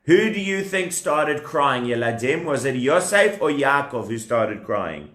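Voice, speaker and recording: A man in his thirties telling a puppet story to children at home, animated and asking the kids questions as he goes. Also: medium pitch, measured pace, reverberant.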